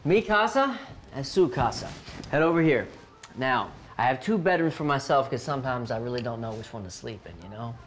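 An actor playing a goofy young rapper. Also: male voice, medium pitch, lively intonation, brisk, slight background noise, close to an everyday voice. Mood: boastful. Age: young adult. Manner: laid-back slang, boastful, chatty. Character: goofy young American rapper, boastful and friendly. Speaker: rapper, landlord.

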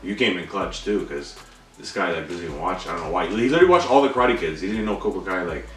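A young man co-hosting a trailer reaction, chatting casually, excitable and swearing, his voice jumping up when worked up. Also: low voice, quick pace. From Canada. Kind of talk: casual chat. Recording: echoey room, distant mic, faint music.

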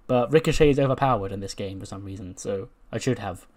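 A gaming YouTuber gives casual commentary over a wrestling sim playthrough, chatting, laughing and acting out the characters' lines. His voice is lowish and darkish in tone, and he talks fast with few pauses.

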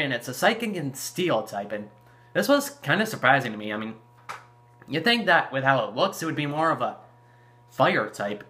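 Here a YouTube gaming channel host offers casual commentary on a game trailer, full of rambling, fillers and restarts. He speaks at a medium pitch with a bright, forceful tone.

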